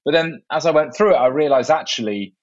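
A man's voice: a little high, a little fast, highs cut off. A man in his thirties with an English accent, a guest author explaining his ideas in a casual interview. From England. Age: 30s. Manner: articulate and explanatory, with small restarts.

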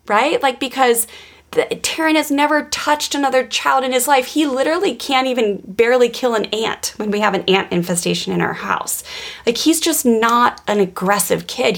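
A woman's voice: a little high, creaky. A woman in her thirties, a podcast co-host and parenting coach, telling personal stories earnestly with frequent restarts. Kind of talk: casual podcast conversation.

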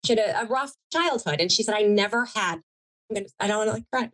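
A woman's voice: medium pitch, fast, a bit bright. A woman, a TV producer as guest, telling stories in a rambling, heartfelt way with many restarts. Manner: rambling, self-correcting, emotional and heartfelt. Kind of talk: conversational storytelling interview.

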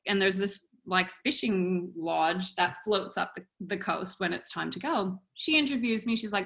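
A woman and wellness coach, telling a story in a casual interview, animated and acting out her dialogue with frequent laughs. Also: medium pitch, moderate pace, gravelly, hardly any pauses.

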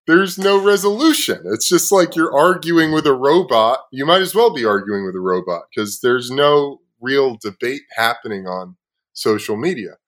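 A man hosting a podcast, telling a story in a casual, profane way with frequent laughs, sometimes dropping low and quiet. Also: animated, moderate pace. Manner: swears freely, laughs often. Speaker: podcast host.

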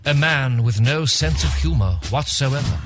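A man's voice: medium pitch, natural voice. A man narrating as a grave, mock-serious storyteller. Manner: grave, measured, addresses the listener. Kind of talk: scripted comedic narration. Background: music.

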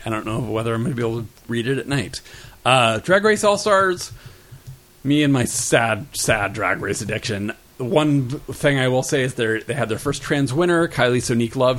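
A man co-hosting a casual pop-culture podcast, his voice at an ordinary middle pitch. He rambles from one show to the next and fills his sentences with "like" and "um". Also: expressive, moderate pace, a bit bright. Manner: rambling, filler-heavy, frequent "like" and "um". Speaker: podcast co-host.

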